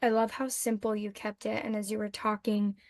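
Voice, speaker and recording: A woman's voice: medium pitch, level tone, a little fast, no room sound, studio quality. A woman co-hosting a podcast, reflecting on and affirming what her guest said in a conversational way. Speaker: podcast co-host.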